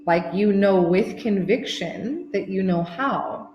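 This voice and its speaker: Excitable thirtysomething woman coach hyping her program, swears a lot, mid pitch, roomy echo. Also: slow, dull audio, soft background music. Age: 30s. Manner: gushing, excitable, swears freely. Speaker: women's life coach. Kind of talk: motivational workshop pitch.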